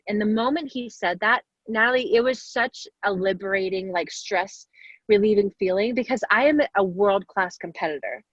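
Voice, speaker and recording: A woman's voice: medium pitch, moderate pace, dry recording. A woman in her forties answering young players' questions in a casual, encouraging way, speaking directly to them. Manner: warm, upbeat, talks directly to the kids. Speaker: guest athlete answering questions. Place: video call. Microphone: video call. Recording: dull lo-fi video call audio.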